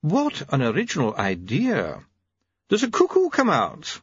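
A man's voice: on the high side, huge pitch swings, measured pace, slightly rough, voice pushed up, exaggerated voice. A man voicing a fussy, patronizing male doctor, in a condescending tone on a dull, lo-fi recording.

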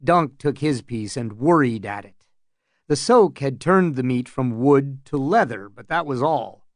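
A man narrating an audiobook in calm, measured storytelling. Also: medium pitch, dry recording, clean studio sound.

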